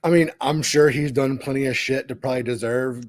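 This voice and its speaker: A man co-hosting a podcast, chatting in a relaxed, agreeable way. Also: medium pitch, brisk, dry recording, studio quality. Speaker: podcast co-host. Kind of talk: casual chat.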